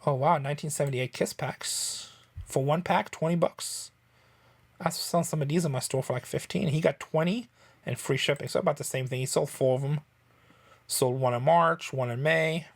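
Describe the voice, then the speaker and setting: Creaky and fairly high, this Southern Californian reselling-channel host talks at a moderate pace in a casual vlog, chatty, rambling, and wry.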